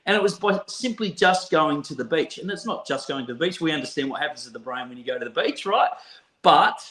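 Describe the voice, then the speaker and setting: A man with an Australian accent telling a story from his counselling work in a relaxed chat, laughing often and restarting sentences. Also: fairly high pitch, fairly quick. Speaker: counsellor, podcast guest. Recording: roomy echo.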